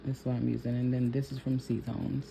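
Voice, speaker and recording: A woman's voice: extremely low pitch, flat delivery, a little fast, gravelly, mellow, a little hiss or hum. A young woman nail technician telling a personal story in a chatty, laughing vlog style, talking to viewers as y'all.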